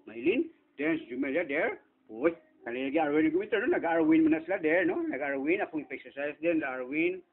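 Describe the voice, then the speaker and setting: A man from the Philippines with a Cebuano Filipino accent, a channel owner and inventor, casually talks through a screen walkthrough. His voice is a little high with vocal fry, and he rambles, tacking little tag questions onto his sentences. The audio is tinny and phone-like with a faint hiss.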